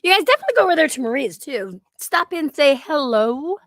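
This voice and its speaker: A woman's voice: high voice, sing-song, a little fast. A woman hosting a casual livestream, chatting, swearing freely and greeting viewers from the chat. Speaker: livestream host.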